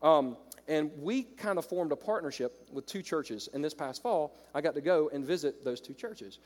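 A man with a Southern American accent preaching a sermon to his congregation, shifting from loud exclamations to quiet storytelling. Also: on the high side, animated, moderate pace. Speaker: pastor. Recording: long reverb of a large hall.

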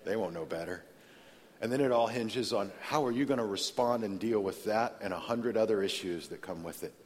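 A man delivers a sermon, talking to the congregation in a conversational, story-driven way. His voice sits low, and it swings between loud emphasis and hushed moments. The long reverb of a large hall trails after every line. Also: a little fast. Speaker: pastor.

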